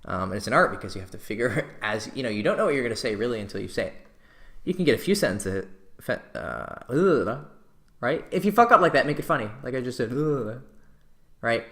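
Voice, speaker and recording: Male dating coach, low gravelly voice, passionate, curses freely. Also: animated, normal speed, fairly bright tone. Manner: passionate, swears casually, acts out sample pickup lines. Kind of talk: instructional talk to camera.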